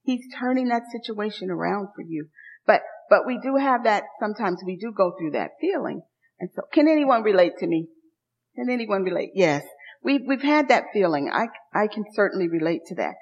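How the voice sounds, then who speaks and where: A woman's voice: mid-range voice, expressive, fairly quick, breathy edge. A woman preacher giving an emphatic, repetitive sermon and calling out to her congregation in a church. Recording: long hall reverb, dull lo-fi sound.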